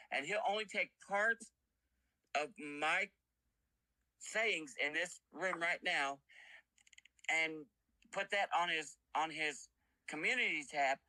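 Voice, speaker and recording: A man's voice: sits high, sharp tone, poor audio. A man speaking insistently and defiantly in a livestream.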